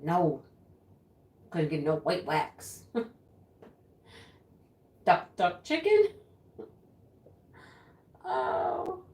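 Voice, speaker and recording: A woman's voice: fairly low pitch, wildly swooping pitch, extremely slow, pauses often, darkish tone, exaggerated voice. An actress playing a rambling, easily flustered woman who hosts a home craft livestream and giggles often. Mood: giggly flustered. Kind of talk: sketch comedy character acting. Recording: roomy echo.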